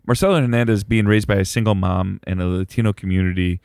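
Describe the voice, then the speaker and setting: A man's voice: low voice, steady tone, fast, gravelly, darkish tone, clear, resonant tone, no room sound, studio quality. A man co-hosting a podcast in casual chat, repeating words as he starts his thoughts. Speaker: podcast co-host.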